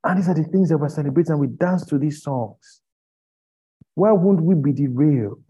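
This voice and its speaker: Male preacher, husky voice, lo-fi recording, impassioned sermon full of rhetorical questions. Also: fairly high pitch, normal speed. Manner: rising to loud pleading rhetorical questions. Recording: dull lo-fi recording.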